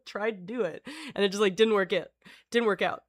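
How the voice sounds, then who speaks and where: A woman's voice: mid-range voice, moderate pace, no echo, studio quality. Rambling, swearing woman streamer. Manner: rambling, swears freely, chuckles, talks to her chat. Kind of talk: casual live-stream chat, reading aloud.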